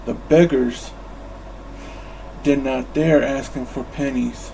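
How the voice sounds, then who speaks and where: A man reading a bedtime storybook aloud in a calm, measured way. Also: medium pitch, vocal fry, slight background noise, poor audio. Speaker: storybook reader.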